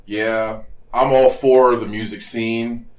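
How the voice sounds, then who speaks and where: Middle-aged kansas guy, musician on a podcast, easygoing and cussing a lot, regular pitch. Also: steady tone, takes it slowly. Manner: laid-back, profane, joking. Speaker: musician guest. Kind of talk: casual podcast chat.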